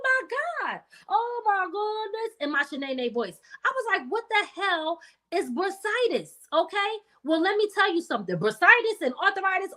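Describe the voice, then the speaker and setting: Chatty high-voiced middle-aged woman host. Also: a bit bright. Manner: chatty, direct address with folksy asides. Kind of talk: casual chat.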